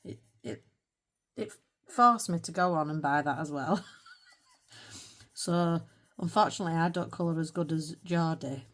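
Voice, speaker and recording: Low-voiced chatty British woman. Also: moderate pace, pauses often. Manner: chatty and rambling, self-mocking, with little laughs. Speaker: colouring channel host. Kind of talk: casual chat while colouring.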